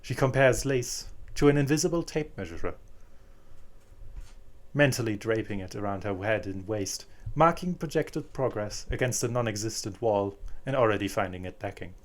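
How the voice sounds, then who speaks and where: Male narrator for fan audiobook, plain steady read, occasional restarts. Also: fairly low pitch, normal speed. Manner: plain reading with small restarts.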